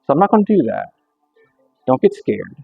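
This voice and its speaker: A man giving a blunt, animated Bible talk between lifting sets in a gym, reading scripture aloud. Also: mid-range voice, moderate pace, gravelly. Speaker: strongman Bible teacher. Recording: tinny lo-fi phone-like audio with faint music.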